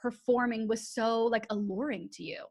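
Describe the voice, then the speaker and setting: A woman's voice: a little high, steady tone, normal speed, vocal fry, a little mellow. A young woman hosting a podcast, chatting with a guest in an upbeat, gushing way and laughing often. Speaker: podcast host. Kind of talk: casual interview chat.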